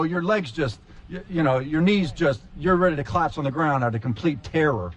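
A man's voice: brisk, few pauses, muffled recording. A man preaching a sermon, telling a childhood story and acting out the scenes with sudden jumps in his voice. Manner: animated storyteller, acts out scenes with big pitch jumps. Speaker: pastor.

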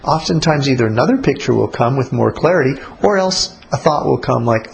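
A man teaching about prayer in a relaxed, conversational way, blunt and colloquial. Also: medium pitch, fairly quick, vocal fry, a little hiss or hum, low-quality recording. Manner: blunt, colloquial, acts out little spoken exchanges.

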